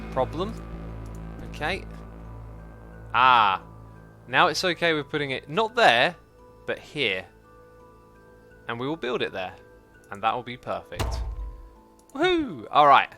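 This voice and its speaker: Bright, chatty man streaming games. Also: mid-range voice, slow, pauses often, soft background music. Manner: chatty, excitable, thinks aloud, reads chat messages out. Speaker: livestream host. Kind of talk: live gameplay commentary.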